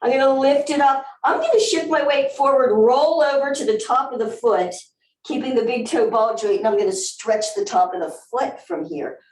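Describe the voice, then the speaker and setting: A Southern US woman leads a live barre workout, her voice sitting high with a darkish tone at a moderate pace. She coaches upbeat, with whoops and counts, recorded roomy and from a distance.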